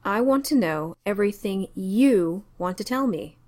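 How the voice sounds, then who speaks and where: A woman reading an audiobook voices a gentle, worried male doctor with a soft, concerned manner. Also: medium pitch, animated, a little slow, close to an everyday voice. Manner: soft, concerned, sometimes swearing.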